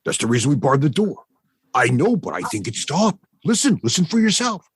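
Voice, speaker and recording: A man voicing male goblins talking behind a door in a deep, grumbly voice. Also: very animated, fairly quick, breathy edge, full character voice. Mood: worried.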